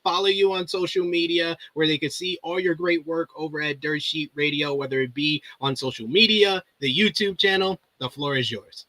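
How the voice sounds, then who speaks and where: A man hosting a podcast with a bright, forceful voice that sits a little high. He talks in an upbeat, rambling way, stumbling and restarting as he reads news and chats. The sound is dry and close. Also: normal speed, few pauses, no echo. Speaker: podcast host. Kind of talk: casual podcast chat and news reading.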